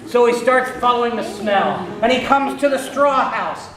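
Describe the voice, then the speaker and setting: A man's voice: extremely high pitch, lively intonation, normal speed, hardly any pauses, a bit bright. A man telling a story to children in a playful manner, asking his listeners questions, heard in an echoey room with listeners around.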